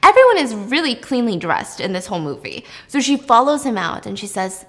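A woman's voice: fairly high pitch, very animated, fairly quick, few pauses. A woman hosting, casually recapping a film in a chatty way while baking. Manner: chatty, laughs often, uses 'like'. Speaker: host.

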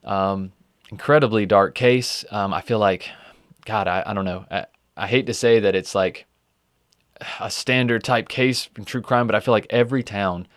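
A man's voice: lowish voice, moderate pace, dry recording, clean studio sound. Casual man hosting a true crime podcast. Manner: conversational, with frequent fillers and swearing. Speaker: podcast host.

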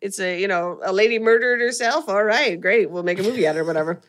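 A woman hosting a podcast recaps a horror movie in casual chat, laughing often as she retells scenes. Her voice is medium-pitched and her pace quick.

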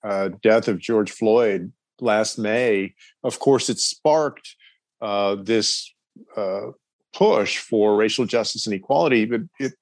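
A man in his forties from Texas, a podcast guest talking in an earnest, measured way and laughing easily. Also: fairly low pitch, no room sound. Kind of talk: casual chat.

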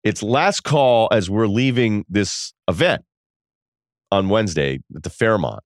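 In clean studio-quality audio with no room sound, a podcast host with a lowish voice spins a casual story at a measured pace. He laughs along, stays animated, and imitates people's voices when quoting them.

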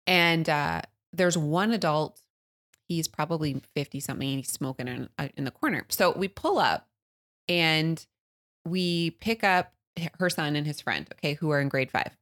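A woman, co-hosting a podcast, telling a story in an animated way, laughing often and acting out loud quotes. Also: deep voice, moderate pace. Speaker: podcast co-host. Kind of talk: casual storytelling chat.

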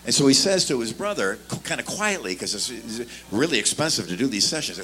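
A man's voice: medium pitch, a little fast, few pauses. A man telling a story in a casual chat, acting out the voices of the people in it. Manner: animated storyteller, acts out voices. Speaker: bassist telling stories.

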